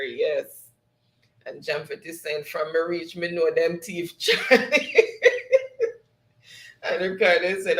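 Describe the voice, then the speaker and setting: Reading chat comments aloud in a chatty casual sign-off, this livestream host laughs a lot and slips into patois; his voice runs on the high side, gravelly and fairly bright, with a roomy echo in the recording.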